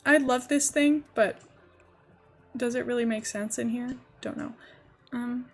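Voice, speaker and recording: A woman's voice: a little high, fairly even intonation, a little slow, soft background music. A young woman streaming live, rambling casually and thinking aloud as she builds in a game. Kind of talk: casual livestream chat while building in a game.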